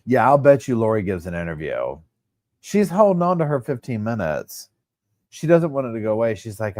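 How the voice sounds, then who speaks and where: A man with a fairly low voice speaks at normal speed, hosting a casual livestream and chatting animatedly with his viewers, whom he calls y'all. The recording is dry and studio quality.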